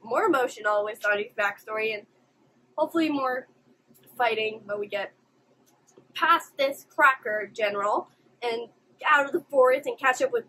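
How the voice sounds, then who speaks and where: A woman's voice: fairly high pitch, sharp tone, husky, poor audio. A young woman hosting an anime reaction video, emotional and exclamatory, swearing now and then. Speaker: reaction channel host.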